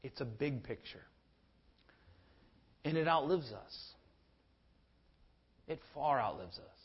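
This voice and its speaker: A man's voice: medium pitch, animated, takes it slowly, husky. Earnest male preacher, muffled recording. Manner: earnest, repeats words when stressing a point. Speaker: pastor. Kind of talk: sermon.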